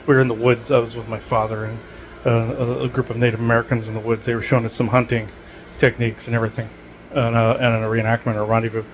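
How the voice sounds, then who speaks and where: A man's voice: medium pitch, level tone, fast talker, a little hiss or hum, rough recording. A man hosting a podcast, talking in a rambling, digressive way with many fillers. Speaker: podcast host. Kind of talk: rambling casual monologue.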